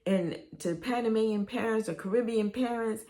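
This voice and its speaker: A woman's voice: on the high side, normal speed, dark tone. A middle-aged woman, telling rambling, nostalgic stories in a casual vlog. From Brooklyn, New York. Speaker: vlogger.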